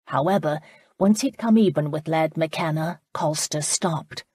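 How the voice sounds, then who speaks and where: A woman reading a historical romance audiobook in calm, even scripted narration. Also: sits low, a little slow, husky, no echo.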